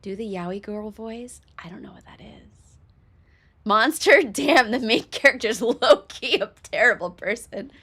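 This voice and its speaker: A woman's voice: a little high, moderate pace, hardly any pauses, bright, forceful tone, husky. A young woman streaming a game, chatting casually with laughter and profanity, self-mocking.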